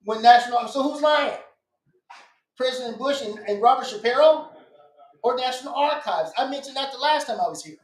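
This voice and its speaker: A male podcast guest with an extremely high-pitched voice speaks a little fast in casual conversation, emphatic and insistent, repeating his points. The room is echoey.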